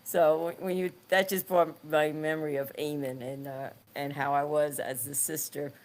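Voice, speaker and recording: A woman with a low-pitched voice chats as an interview guest over a faint background hiss. She tells her stories in halting phrases, restarting and repeating words, and laughs easily. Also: level tone. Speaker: podcast guest, former nun and author. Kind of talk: casual interview chat.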